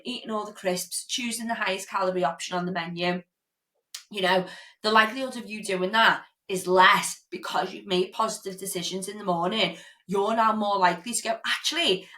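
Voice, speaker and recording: A young woman with a British accent talks straight to her listeners in a chatty fitness podcast. She is blunt and casual, drops the odd swear, and keeps checking in with "okay?". Her voice sits at a mid pitch for a woman. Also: fairly bright tone. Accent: British English. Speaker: podcast host, fitness coach.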